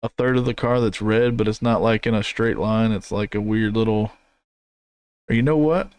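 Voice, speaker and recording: A man's voice: on the low side, normal speed, clear, resonant tone, no echo. A man co-hosting a podcast in casual chat, rambling and easygoing, laughing often. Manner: relaxed, rambling, laughs easily. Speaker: podcast co-host. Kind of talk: casual chat reviewing race car paint schemes.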